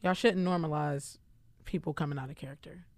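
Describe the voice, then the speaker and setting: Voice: mid-range voice, steady tone, a little fast, darkish tone, no echo. A podcast co-host in casual chat who talks loosely and animatedly, using lots of slang and filler words.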